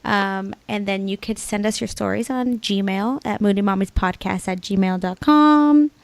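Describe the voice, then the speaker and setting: A young woman co-hosting a podcast in casual chat, full of "like" and quick laughing asides. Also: medium pitch, vocal fry, no echo. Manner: chatty, lots of "like" and laughing asides. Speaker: podcast co-host.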